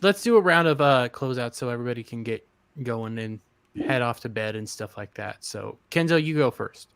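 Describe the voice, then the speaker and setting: A man's voice: mid-range voice, expressive, normal speed, fairly bright tone, clear, resonant tone, no echo. A man hosting a live stream, chatting casually in a playful, teasing way. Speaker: stream host. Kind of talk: casual chat.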